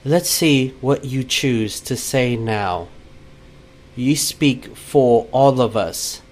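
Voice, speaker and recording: A man voicing a calm, scornful woman druid who speaks for the jungle and lectures a crowd. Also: medium pitch, extremely slow. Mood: righteous. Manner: cold, preachy, condescending.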